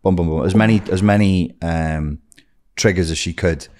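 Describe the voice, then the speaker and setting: A man's voice: low-pitched, normal speed, a little mellow. A man, a podcast guest telling candid personal stories in a blunt, sweary way. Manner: blunt and sweary, acts out quoted voices. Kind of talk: candid personal storytelling in an interview.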